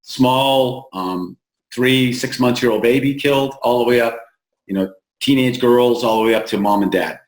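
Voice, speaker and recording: An American man speaks plainly and earnestly as an interview guest, with frequent restarts and a slower pace when he stresses a point. His voice sits at a middle pitch. The room adds a clear echo. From United States. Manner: plain-spoken, halting restarts, slows for emphasis. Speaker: founder of an aid group, interview guest. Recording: roomy echo.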